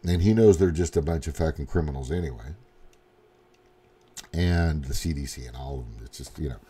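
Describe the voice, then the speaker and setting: This host from Missouri, US, delivers a casual political rant on his livestream, cursing a lot and rambling with incredulity. He speaks briskly in a very deep, dark, slightly rough voice.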